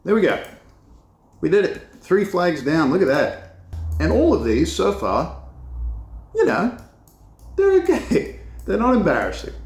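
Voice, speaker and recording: A man thinking aloud as he designs, muttering to himself and laughing at his own mistakes. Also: mid-range voice. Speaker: design video creator. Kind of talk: casual think-aloud commentary while designing. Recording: echoey room with a poor mic.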